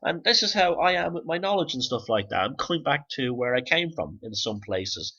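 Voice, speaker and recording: A man rambling through a profane, low-key monologue as a podcast host. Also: sing-song, moderate pace, bright, forceful tone, husky, lo-fi sound.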